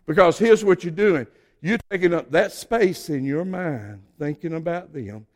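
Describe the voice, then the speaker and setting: An older Southern pastor from Georgia with a fairly high voice, preaching with strong swings from soft, low asides to loud, emphatic calls. His Georgia accent colors every line. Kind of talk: sermon.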